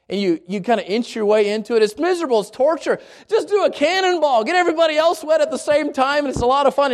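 A man preaching a folksy, animated sermon, often restarting his phrases as he tells Bible stories. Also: extremely high pitch. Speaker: pastor.

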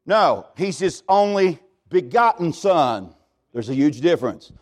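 A male pastor, preaching a sermon in a folksy, animated way and often calling out to the congregation. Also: on the high side, a little slow. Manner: folksy, animated preaching with repeated "hey, listen to me".

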